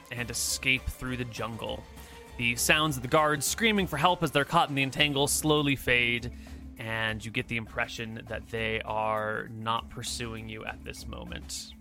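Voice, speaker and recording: A man acting as game master, narrating a tabletop game over an online voice call in a relaxed, joking way with long run-on sentences. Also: mid-range voice, a little slow, creaky, soft background music.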